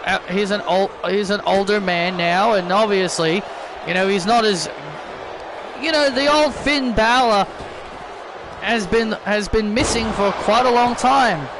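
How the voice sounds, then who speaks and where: A man doing casual play-by-play commentary over a video game, rambling and repeating himself as he gets excited. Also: high-pitched, unhurried, crowd noise, noisy background.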